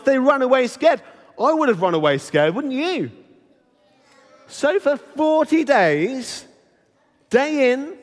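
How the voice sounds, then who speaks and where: A man giving an animated Bible talk at a children's holiday club, asking the children questions as he goes. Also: sits high. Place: church hall. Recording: reverberant hall.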